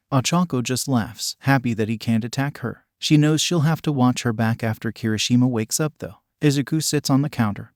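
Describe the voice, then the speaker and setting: A man narrating a fan-written story in a steady, even reading style. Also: mid-range voice, no room sound, clean studio sound. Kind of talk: scripted fan-fiction narration.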